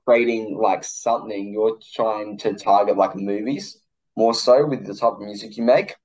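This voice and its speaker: A man's voice: fairly low pitch, steady tone, moderate pace, a little mellow, rough recording. A young Australian man hosting a podcast, chatting casually in a laid-back, slangy way with lots of "like". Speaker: podcast host. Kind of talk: casual chat.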